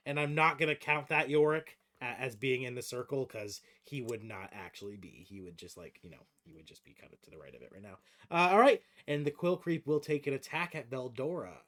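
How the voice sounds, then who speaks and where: A man at mid pitch runs a tabletop game on a stream. He drops into low murmurs while he checks rolls and rules. He rises into lively, descriptive narration when monsters act. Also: fairly quick, few pauses. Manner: muttering rules and dice rolls, then vivid descriptive narration. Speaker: game master.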